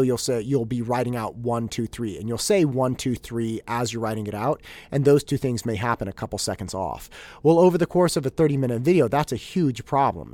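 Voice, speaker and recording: A podcast host who is a father of young children tells a story about home life in a casual monologue. Animated and exasperated, he laughs at himself and often restarts his sentences, speaking in a mid-range voice on a dry recording.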